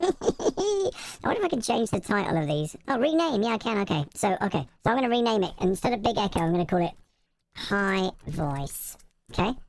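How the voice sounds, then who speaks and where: A man talking through a hard-tuned effect that pitches his voice up high, chatting as he explains settings. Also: very animated, brisk, no room sound. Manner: chatty, thinking aloud. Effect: pitch-shifted up into a high, auto-tuned voice.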